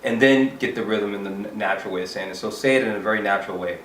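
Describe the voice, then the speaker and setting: Guy learning chinese, eager, chatty, kinda low voice, echoey room. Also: racing, a bit bright. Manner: eager, thinks aloud, chatty asides. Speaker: language learner. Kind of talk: casual language lesson. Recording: roomy echo from far off, faint hiss.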